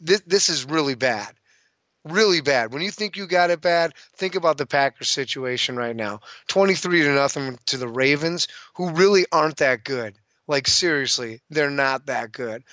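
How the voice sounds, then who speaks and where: A man giving a casual, excitable sports recap, ranting with fillers and restarts. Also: a little high, no room sound, dull audio. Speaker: sports commentator.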